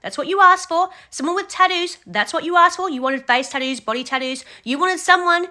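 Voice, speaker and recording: High bright-voiced woman scolding bluntly. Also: fairly quick. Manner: blunt, scolding, addresses the contestant directly. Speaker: reaction commentator. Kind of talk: ranting reality show commentary.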